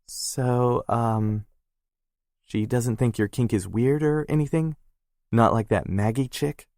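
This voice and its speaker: A man's voice: mid-range voice, slow, darkish tone, no echo, clean studio sound, voice pushed up. A man voicing a brash, foul-mouthed young woman who works at a tattoo shop, talking bluntly and teasing.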